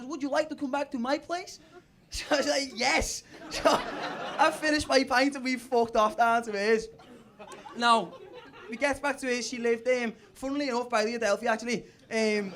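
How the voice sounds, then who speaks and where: A man's voice: very high-pitched, noisy background. A young man with a Liverpool accent doing stand-up, telling a crude, self-mocking story and laughing through his lines. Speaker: stand-up comedian. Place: comedy club stage. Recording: live club with crowd.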